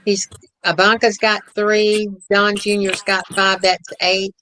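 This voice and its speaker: A woman on a group video call, speaking at a middle pitch. She chats casually and drops wry jokes into the conversation. A faint hiss runs behind her voice. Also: little pitch movement, slow, pushed and bright, poor audio. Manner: wry, joking.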